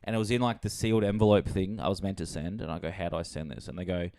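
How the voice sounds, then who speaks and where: Joking young man, lowish voice. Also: very fast, darkish tone, dry recording, clean studio sound. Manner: joking, swears freely. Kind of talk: casual chat.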